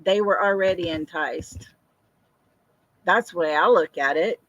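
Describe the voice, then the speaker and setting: A woman's voice: lowish voice, measured pace, fairly bright tone, no echo, dull audio. An older woman hosting a casual livestream, chatting, answering viewer comments and laughing often. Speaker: livestream host.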